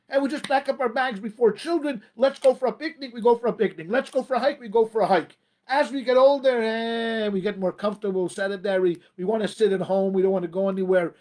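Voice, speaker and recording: High-voiced, emphatic man giving a talk. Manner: emphatic, repeats phrases, addresses the audience as ladies and gentlemen. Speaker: rabbi giving a talk on marriage. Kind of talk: motivational talk.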